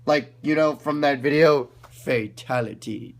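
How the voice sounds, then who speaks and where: A man's voice: sits high, normal speed. A man giving casual, enthusiastic commentary over video clips, explaining as he goes. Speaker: video reviewer.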